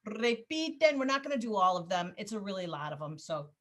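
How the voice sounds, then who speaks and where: A woman teaching a Spanish class over a video call, patient and encouraging, drilling words slowly. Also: fairly low pitch, lively intonation, sharp tone.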